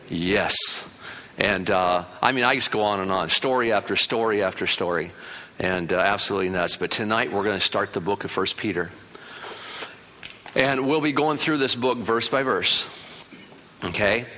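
An older man preaching a sermon as pastor, telling lively stories and reading scripture verse by verse. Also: fairly low pitch. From Italian family in America. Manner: animated storyteller, breaks into loud put-on relatives' voices.

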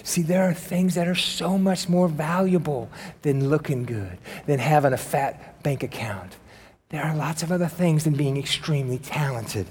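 A male pastor delivers an animated, emphatic sermon with joking asides. His voice sits slightly high and rings with a long reverb in a church sanctuary. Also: moderate pace, husky.

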